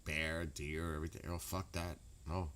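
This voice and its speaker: Deep-voiced New man chatting casually. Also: level tone, moderate pace, clean tone. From New York. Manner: rambling, profane, laughs loudly. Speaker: streamer. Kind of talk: casual late-night stream chat.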